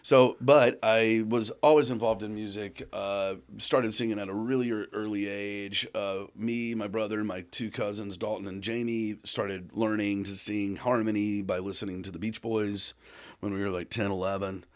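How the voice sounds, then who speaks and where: A man's voice: on the low side, fairly even intonation, moderate pace. A man in casual podcast conversation, rambling a little, with many fillers and restarts.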